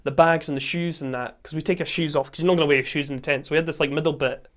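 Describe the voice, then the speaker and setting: Racing through a camping story, a Scottish man hosting a podcast speaks at a fairly high pitch. He's animated and casual, laughing often while acting out quotes.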